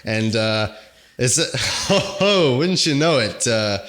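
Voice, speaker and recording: A man's voice: mid-range voice, animated, slow pace, fairly bright tone. A man co-hosting a podcast in casual chat, rambling and joking and laughing often. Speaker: podcast co-host.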